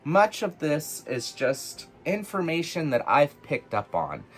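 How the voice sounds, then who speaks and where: A man casually telling personal stories in an animated, chatty way, full of fillers, for his witchcraft vlog. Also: a little high, slow pace, soft background music. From United States. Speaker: witchcraft vlogger.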